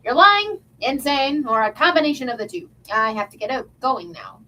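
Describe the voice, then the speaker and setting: A woman's voice: a little high, expressive, a little fast, pushed and bright, recorded from a distance, poor audio. A woman reading aloud the lines of an exasperated man who curtly brushes off a demand. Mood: dismissive. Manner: curt, dismissive.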